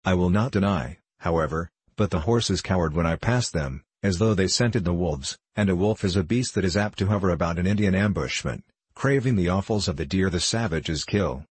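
A man's voice: low-pitched, normal speed, breathy edge, no echo. A man reading the part of a blunt, stubborn veteran frontier scout who talks in plain old-fashioned backwoods speech. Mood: wary.

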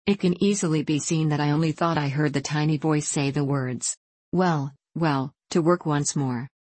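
A woman's voice: deep voice, moderate pace, a little mellow, no echo. Woman reading as a jittery old carpenter. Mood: pleased. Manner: mumbling, stuttering from fright. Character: old male carpenter, jittery and easily frightened.

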